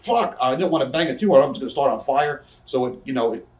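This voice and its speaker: A man in his thirties with a medium-pitched, slightly mellow voice sits far from the mic in a roomy, echoey space. He's a guest in a casual shoot interview, spinning fast, profane stories and acting out what others said.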